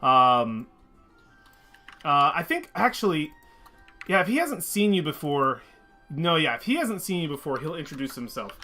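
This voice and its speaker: Male game master, bright, slightly high voice, halting narration. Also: big pitch swings, soft background music. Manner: halting, many fillers and restarts.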